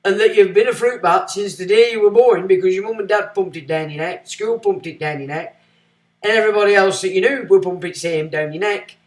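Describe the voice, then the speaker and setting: A man hosting a livestream, giving blunt, sarcastic commentary that swings from muttering to loud. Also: sits high, fairly quick, roomy sound. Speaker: livestream host.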